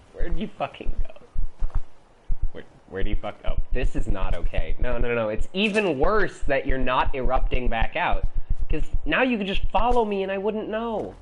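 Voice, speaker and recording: A man's voice: mid-range voice, sing-song, moderate pace, a bit bright, a little hiss or hum. A young man giving casual gameplay commentary as he plays, swearing a lot and shrieking when he is startled. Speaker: gaming video host.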